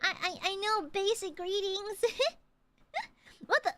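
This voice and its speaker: Very high, bright-voiced woman streamer. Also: lively intonation, slow, faint music behind. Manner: playful, giggly, reads chat aloud. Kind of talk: casual livestream chat.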